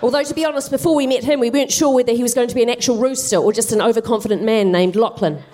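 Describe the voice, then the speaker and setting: A woman's voice: on the high side, very fast, darkish tone. Wry woman telling a stand-up story. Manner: wry, chatty asides. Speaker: guest comedian. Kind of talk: stand-up storytelling, live on stage. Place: theatre stage.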